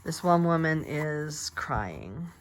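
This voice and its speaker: A woman's voice: deep voice, sing-song, slow pace, slight background noise. An older woman chatting in a meandering way while she crafts at home, with lots of fillers and restarts. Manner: soft-spoken, drops to murmurs while working. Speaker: crafting vlogger. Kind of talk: casual chat while crafting. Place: quiet home craft space.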